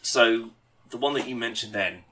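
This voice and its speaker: Bright-voiced man rambling casually. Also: mid-range voice, normal speed, a little hiss or hum. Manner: rambling anecdotes with many fillers and swearing. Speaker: podcast host. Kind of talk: casual chat.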